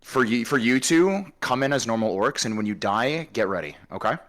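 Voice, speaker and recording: A man acting as game master, narrating a role-play battle slowly and dramatically and giving orders to players. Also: medium pitch, expressive, a bit bright.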